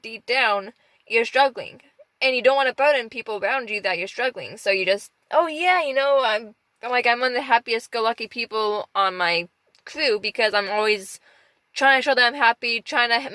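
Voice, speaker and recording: A woman talking candidly and emotionally in a personal vlog from inside her parked car, halting and rambling as she speaks. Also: mid-range voice, sharp tone, no echo, poor audio. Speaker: off-grid dog musher vlogger.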